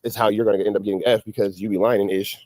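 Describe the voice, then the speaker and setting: A man hosting his own show, giving casual commentary in a brisk, assertive way. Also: on the low side, little pitch movement, a little mellow, no room sound. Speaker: show host.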